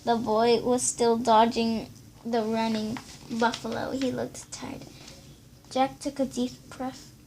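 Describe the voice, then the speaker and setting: A woman reads a children's book aloud in a high, creaky voice, going slowly and stumbling over words. Steady noise sits behind her in a home recording. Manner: stumbles and restarts while reading. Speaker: reader.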